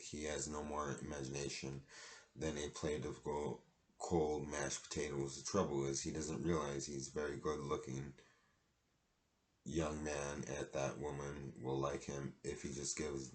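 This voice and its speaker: A man's voice: extremely low pitch, level tone, a little slow. A man reading a children's storybook aloud, with plain delivery and some stumbles and restarts. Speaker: reader.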